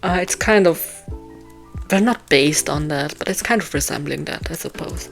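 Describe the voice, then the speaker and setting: Her deep, creaky voice moves at normal speed over faint background music as this young woman writes a novel live. Thinking aloud, she rambles, jokes at her own expense, and fills the talk with ums and restarts while her voice wears out.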